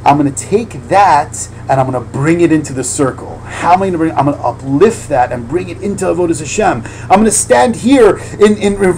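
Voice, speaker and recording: A man, a rabbi, teaching an informal lesson in a lively, slangy way that often builds to loud fervor. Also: on the high side, a little hiss or hum, rough recording. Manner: animated, heavy slang, quick asides, rising to loud fervor.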